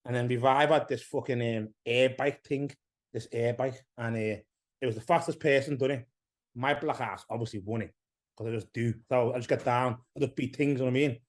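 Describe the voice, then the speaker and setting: A man with an English accent, a podcast guest who tells stories loudly, swearing freely in casual chat. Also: mid-range voice, steady tone, fairly quick. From England.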